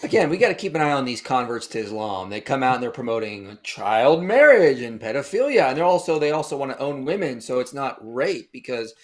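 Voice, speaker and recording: Male panelist, middle pitch, rapid, emphatic delivery. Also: big pitch swings. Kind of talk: casual panel discussion.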